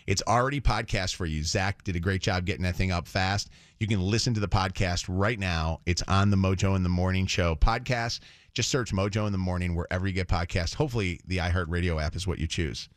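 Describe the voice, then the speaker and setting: A man's voice: sits low, fairly quick, no room sound, studio quality. A man hosting a morning radio show, upbeat and encouraging as he plugs the podcast and events. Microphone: studio microphone.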